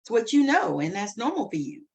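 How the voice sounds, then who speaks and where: A woman's voice: a little high, very animated, a little fast, slight background noise. A woman co-hosting a casual talk show, speaking frankly and bluntly. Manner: frank, plain-spoken, blunt. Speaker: podcast co-host. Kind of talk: casual conversation.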